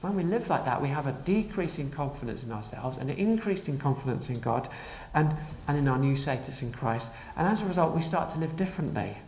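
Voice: mid-range voice, lively intonation, darkish tone, a little hiss or hum. Preacher giving an earnest sermon, leaning hard on key lines, recorded in a reverberant room. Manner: earnest, emphatic, slows down to stress key declarations.

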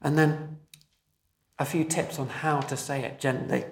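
A man, a pastor, preaching a sermon in a measured, emphatic way, slowing down to stress key phrases. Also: on the high side, flat delivery, echoey room.

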